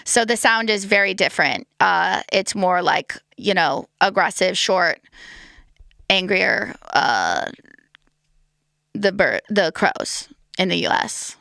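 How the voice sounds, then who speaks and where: A woman's voice: fairly low pitch, sing-song, takes it slowly, vocal fry, sharp tone, no echo, clean studio sound. An American woman hosting a casual solo podcast, hungover and rambling, with lots of "like" and "um". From United States. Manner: rambling and chatty, full of "like" and "um". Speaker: podcast host.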